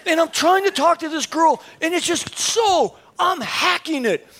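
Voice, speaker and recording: A man preaching a sermon, telling a funny personal story in an animated, self-mocking way and acting out the dialogue, then urging his listeners on, sometimes up to a shout. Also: very high voice, measured pace.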